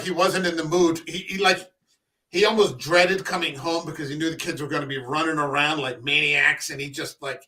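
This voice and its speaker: Bright-voiced man talking from off-mic. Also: a little high. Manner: rambling storyteller, swears freely. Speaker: podcast co-host. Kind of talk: casual film discussion. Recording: voice a bit far from the mic.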